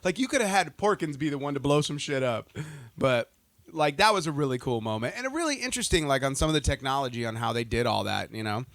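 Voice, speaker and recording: A man talking on a podcast in an ordinary middle-pitched voice, excitable and quick to swear. The sound is dry and close, with no room around it. He acts out his own reactions as he talks. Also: dry recording. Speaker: podcast host. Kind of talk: casual chat.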